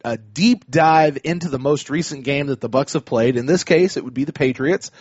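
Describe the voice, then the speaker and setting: A man's voice: on the high side, normal speed, a little mellow, slightly rough, no echo, muffled recording. A man hosting a casual sports podcast, chatty and full of restarts. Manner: chatty, many restarts and fillers. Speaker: podcast host.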